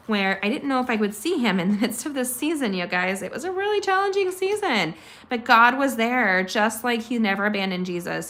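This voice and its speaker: A woman's voice: medium pitch, fairly bright tone. A middle-aged woman hosting a chatty live card-making tutorial from her home, gushing over supplies and talking straight to her viewers. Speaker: craft channel host. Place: home craft room.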